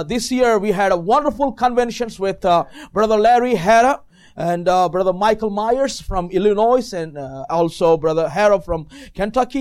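A man with a non-native English accent and a high voice delivers a sermon. His speech is full of fillers, and he rises into shouted praise now and then. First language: not English. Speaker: visiting preacher.

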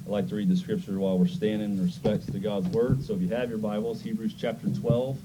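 A man's voice: on the low side, fairly even intonation, fast, heavy background noise. Folksy preacher losing his voice. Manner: folksy and conversational, prays with rising fervor. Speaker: pastor. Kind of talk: church service, singing, prayer and announcements.

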